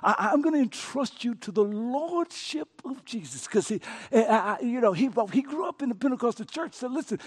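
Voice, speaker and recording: A middle-aged man preaching a sermon as pastor, telling a story and swinging from soft, hushed moments to passionate pleas. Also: extremely high pitch, very animated, fast talker, few pauses, husky.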